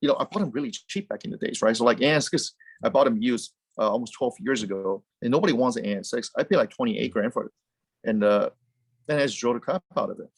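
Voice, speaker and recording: A car company founder, appearing as a guest in a casual interview chat, talks in an animated, rambling way, often restarting and repeating words. His mid-range voice moves at a quick pace with a breathy edge. The recording is dry and close.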